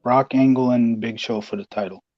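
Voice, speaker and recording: A man's voice: medium pitch, fairly even intonation, moderate pace, dry recording. A man around thirty co-hosting a casual wrestling chat, talking as an enthusiastic fan. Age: 30s. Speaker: podcast co-host. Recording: dull, dry lo-fi mic.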